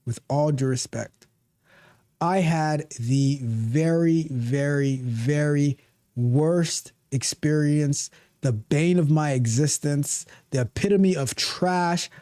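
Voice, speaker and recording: A male livestream host and coding coach chats casually while reading viewer comments. His voice is mellow and a little high, and his animated delivery is loose, with phrases repeated and restarted.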